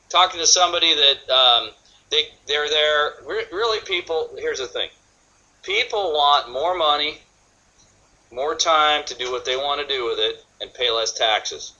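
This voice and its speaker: A man's voice: mid-range voice, pushed and bright, dull audio. A man from California giving a sales training seminar, acting out both sides of sample conversations.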